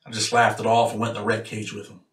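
A man's voice: lowish voice, completely flat delivery, quick pace, a bit bright. A man from New York State, a former prisoner, telling a story in a blunt, matter-of-fact way. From Rochester, New York. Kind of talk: casual storytelling. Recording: roomy echo, mic a bit far off.

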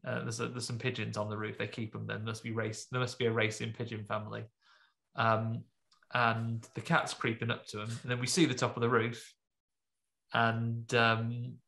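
A man in a casual film podcast, recapping scenes with a rambling, joking flow full of "like" and "um". His voice is of ordinary pitch with a gravelly fry. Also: little pitch movement, normal speed, bright, forceful tone. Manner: rambling, filler-heavy, jokey. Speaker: podcast host. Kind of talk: casual film review chat.

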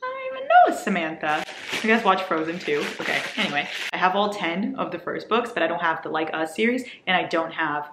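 A woman vlogging a casual book haul, gushing and excitable, jumping between loud squeals and soft asides. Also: on the low side, fairly quick, hardly any pauses, reverberant, background noise.

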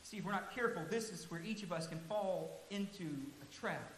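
A man preaching a sermon as pastor in a large church sanctuary, earnest and emphatic, slowing down to stress key words. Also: sits high. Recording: echoey hall, faint hiss.

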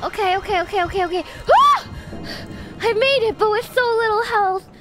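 A woman streaming a horror game, panicking aloud with yelps, quick repeats and nervous laughter. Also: very high voice. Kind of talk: live horror gameplay commentary. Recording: loud game music and effects behind the voice.

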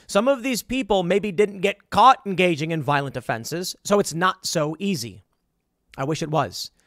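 A man's voice: on the high side, a bit bright, no room sound, studio quality. A man hosting a show of political commentary, ranting and incredulous. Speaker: host.

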